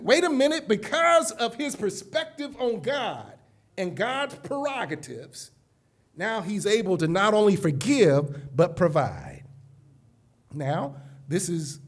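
High, animated male preacher. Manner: emphatic preaching that swells from hushed asides to loud calls; addresses the audience directly, repeating "listen carefully". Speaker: keynote preacher. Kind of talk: sermon. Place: conference session before a live audience.

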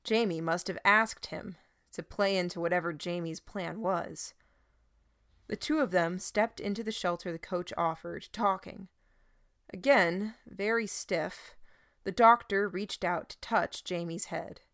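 A woman reading a first-person story aloud in a steady, even narrating manner. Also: lowish voice, unhurried, no echo, clean studio sound. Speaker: audiobook narrator.

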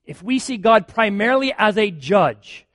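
A man's voice: high-pitched, expressive, moderate pace, fairly bright tone, no echo, clean studio sound. A man, a pastor, preaching a sermon earnestly, building emphasis with repeated phrases.

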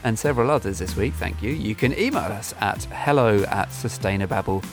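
A man's voice: lowish voice, a little fast, music in the background. A man co-hosting a podcast in casual chat, sarcastic and exasperated. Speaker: podcast co-host.

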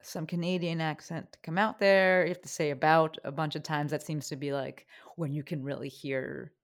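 An enthusiastic woman hosts a casual podcast, her voice sitting a little low for a woman. She talks in a slangy, upbeat, friendly way with a sound. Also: fairly even intonation, moderate pace. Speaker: podcast host.

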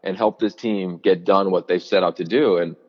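In a podcast interview, a college football analyst in his forties, formerly a player and coach, tells animated stories at a normal speed in a low voice, restarting often, using fillers, and acting out quotes. The sound is lo-fi with a long reverb tail.

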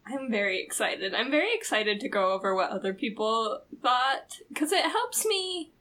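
A woman's voice: fairly high pitch, very animated, normal speed, fairly bright tone. A woman co-hosting a podcast in casual chat, rambling and full of "like", laughing often. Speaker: podcast co-host.

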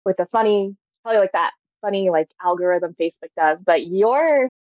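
A woman's voice: mid-range voice, animated, fairly quick, no echo, phone-quality sound. A woman in her thirties, a podcast guest, telling her personal story in a chatty, casual way, full of "like" fillers and frequent laughs. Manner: chatty, heavy use of "like" fillers, laughs often.

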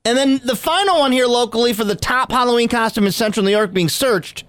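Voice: mid-range voice, fairly bright tone. A morning radio host bantering playfully with a co-host and introducing a guest. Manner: playful, quick to riff. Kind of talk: casual morning show banter.

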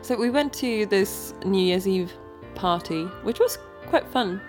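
A woman's voice: mid-range voice, lively intonation, measured pace, music in the background. A woman whose first language is Swedish, co-hosting a podcast in casual chat, giggly and teasing. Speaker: podcast co-host.

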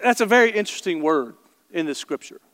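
A male pastor with a high voice preaches with passion, repeating and stressing his phrases as he speaks straight to the congregation. His sermon rings through a large church hall with a long reverb tail. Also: animated, fast talker, a bit bright.

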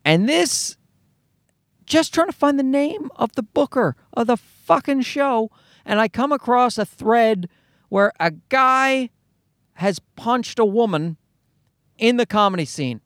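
A comedian from Newfoundland with a Newfoundland accent, rambling through a profane, self-mocking solo podcast monologue. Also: male voice, extremely high pitch, lively intonation, slow, a bit bright, no echo, clean studio sound.

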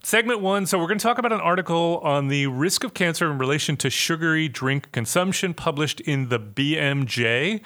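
A man hosting a podcast in a casual, chatty way, joking with his co-hosts and making quick asides. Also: fairly high pitch, sharp tone. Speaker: podcast host.

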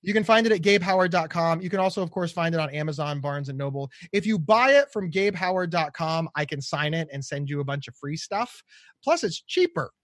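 An American man, a podcast guest and author, talking in a casual, joking and animated way as he promotes his work. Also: a little high, a little fast, no room sound, studio quality.

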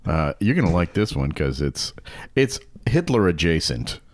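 A man's voice: sits low, very animated, normal speed, a little mellow, dry recording. A middle-aged man co-hosting a podcast, chatting casually with dry humor. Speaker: podcast co-host. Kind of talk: casual chat.

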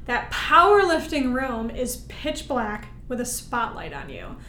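A woman guest, a military veteran, telling her story in an animated, emphatic way and often checking in with "right?". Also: fairly high pitch, a little slow, a little hiss or hum. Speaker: interview guest, military veteran and Paralympic-style powerlifter. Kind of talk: storytelling in conversation. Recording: roomy echo.

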